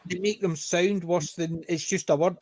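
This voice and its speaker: A high-voiced Scottish man who is keen to explain things, dropping in 'aye' as he goes. The sound is close and dry. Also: fairly even intonation, moderate pace, darkish tone, no room sound. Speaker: panel member. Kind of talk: casual panel chat.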